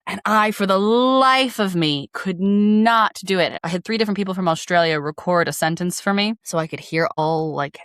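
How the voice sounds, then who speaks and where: A woman's voice: low voice, a bit bright, dry recording, studio quality. An American woman, an audiobook narrator, chatting casually and playfully as a podcast guest. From United States. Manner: chatty and playful, often breaks into sung or acted bits.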